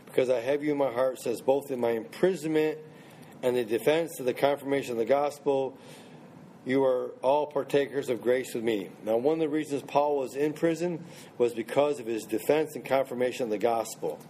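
A man's voice: medium pitch, brisk, dark tone, a little hiss or hum. A man teaching a small Bible study group in a conversational way, restarting phrases and checking in with questions.

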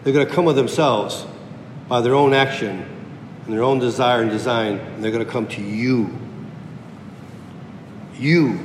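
A man's voice: a little slow, long pauses. A man preaching a sermon emphatically, repeating key phrases for effect. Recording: echoey hall with faint rumble.

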